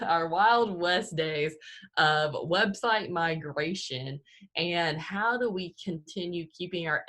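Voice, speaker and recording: A woman's voice: fairly low pitch, pushed and bright. A young woman co-hosting a podcast in a chatty, casual way, often saying "like". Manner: chatty, peppered with "like". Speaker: podcast co-host.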